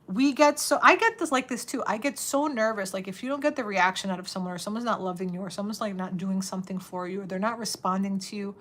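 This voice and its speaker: A woman in her thirties hosting a live stream, chatting casually, full of "like" fillers and laughter, reading viewer comments, her voice getting a bit raspy. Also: medium pitch, fast, hardly any pauses, a bit bright.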